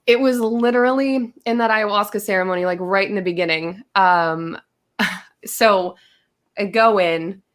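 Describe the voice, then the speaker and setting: A woman's voice: medium pitch, a little slow. A woman guest on a podcast, telling a long story in casual chat, acting out her own quotes with lots of fillers.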